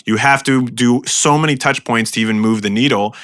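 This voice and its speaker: An American man co-hosting a casual business podcast, talking in animated runs with many fillers and restarts. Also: mid-range voice, fairly quick. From United States. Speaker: podcast co-host, sales advisor.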